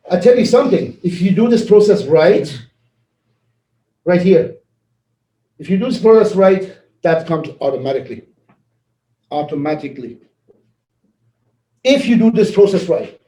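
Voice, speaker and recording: A man giving a casual motivational talk, animated and laughing as he acts out conversations. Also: on the high side, echoey room, rough recording. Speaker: network marketing leader.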